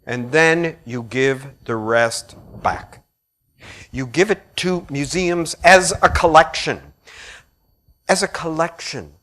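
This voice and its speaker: A man's voice: a little high, fairly bright tone. Lecturing man, middle-aged, Midwestern accent, blunt and jokey, lots of audience asides. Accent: American Midwestern. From American Midwest. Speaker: art critic giving a lecture. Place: lecture hall.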